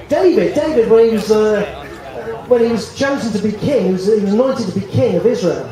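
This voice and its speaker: A man preaching outdoors to a crowd, animated and joking, acting out voices from the stories he tells. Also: high voice, a little fast. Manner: animated, jokey, acts out biblical voices. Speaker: street preacher. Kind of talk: outdoor evangelistic talk. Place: outdoors in a public square. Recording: echoey from far off.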